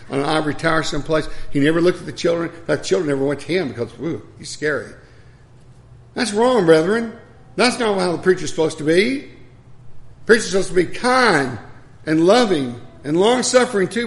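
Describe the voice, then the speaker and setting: An older man preaching a sermon, reading scripture and telling folksy stories about his life and his late wife, in a gravelly voice. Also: on the high side.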